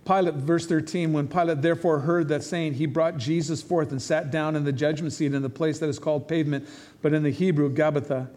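A male pastor delivers a sermon in a church sanctuary. His voice sits fairly high for a man, and he preaches in a loose, conversational, animated way. He slips in quick acted-out quotes as he goes.

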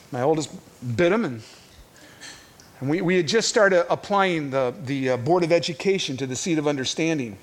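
A middle-aged man preaching a sermon, telling stories with lively energy and often repeating words as he goes. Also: a little high. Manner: animated storytelling, repeats words.

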